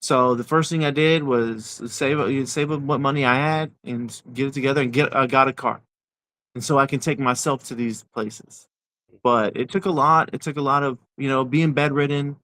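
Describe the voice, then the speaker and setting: A man in his forties, an interview guest telling his personal story in a halting way, repeating words as he goes. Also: mid-range voice, pushed and bright, a little hiss or hum.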